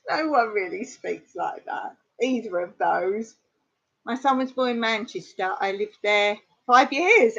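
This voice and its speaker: A middle-aged woman from England hosts a casual live stream from her rural home in Cyprus, chatting with viewers, answering their comments, and laughing often. Her fairly high, fairly bright voice moves slowly with frequent pauses. The stream audio is dull and lo-fi.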